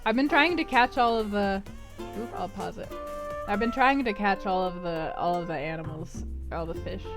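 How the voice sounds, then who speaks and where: A woman's voice: mid-range voice, moderate pace, music in the background. A woman streamer chatting casually while she plays, rambling and laughing often. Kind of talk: casual chat while gaming.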